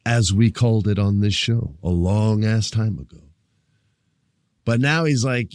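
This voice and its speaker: A low-pitched man hosts a casual wrestling podcast, chatting loosely and cracking jokes at his listeners. He swears freely and jumps into wrestlers' lines with real energy. The sound is close and dry, with no room around it. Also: unhurried, dry recording. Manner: animated, acts out wrestlers' lines in higher, louder voice. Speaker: podcast host.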